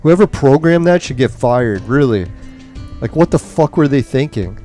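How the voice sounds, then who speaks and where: Faint music plays behind a gaming streamer whose mid-range voice is mellow and expressive, moving at normal speed. He commentates on a mobile game as he plays, swearing constantly in an angry rant brought on by nicotine withdrawal.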